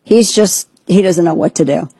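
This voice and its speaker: A woman's voice: lowish voice, moderate pace, vocal fry, dark tone, breathy edge, no room sound. A woman hosting a political commentary show, talking in an indignant, sarcastic, emphatic way. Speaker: host.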